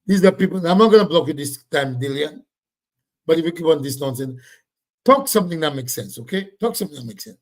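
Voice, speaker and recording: Loud, blunt man. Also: on the high side, animated, quick pace. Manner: loud, blunt, repetitive scolding of commenters. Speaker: livestream host reading viewer comments. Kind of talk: casual livestream chat.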